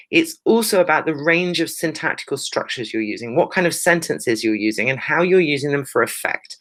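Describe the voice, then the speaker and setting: A woman teacher talks her pupils through a revision lesson with a bright, sharp-edged voice. She is brisk and emphatic, and often checks in with "right?" along the way. She drops in playful, teasing asides. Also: deep voice. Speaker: secondary school English teacher.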